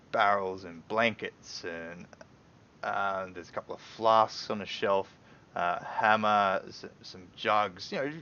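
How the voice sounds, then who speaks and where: Low-voiced man running a tabletop game. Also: sharp tone, clean tone, muffled recording. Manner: loose, filler-heavy descriptive narration. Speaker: game master.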